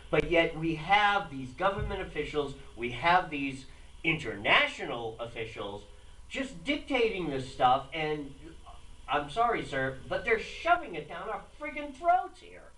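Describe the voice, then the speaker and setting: A man hosting a political talk radio show, speaking in a streetwise, animated way and acting out mocking voices. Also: on the high side, unhurried, echoey room, recorded from a distance, poor audio.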